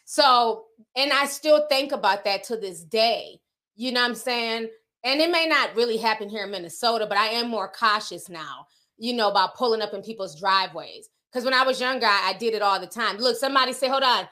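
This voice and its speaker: Woman, middle-aged, from the northern US, livestream host, casual storytelling, bright tone. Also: a little high, fairly quick. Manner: chatty storytelling, animated quoted voices. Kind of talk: casual chat reading live comments.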